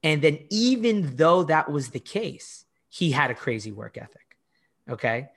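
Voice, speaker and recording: A middle-aged fitness coach tells stories in a casual podcast interview, his high-leaning, creaky voice swinging widely in pitch at a slightly slow pace. He delivers things emphatically and often acts out what he once said. He's full of "like" fillers and restarts.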